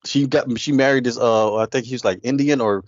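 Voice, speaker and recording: A man's voice: mid-range voice, fairly quick, no echo. A man chatting casually as a podcast co-host, retelling stories with emphatic repetition. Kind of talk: casual chat. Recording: dry, dull lo-fi audio.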